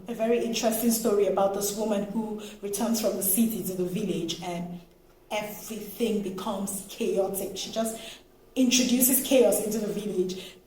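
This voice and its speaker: A woman from Nigeria talks through a book review in a lively, expressive way, laughing now and then. Her voice sits at an ordinary middle pitch. The room around her sounds echoey, with a faint hiss underneath. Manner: animated, expressive, laughs often. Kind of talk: casual book review vlog.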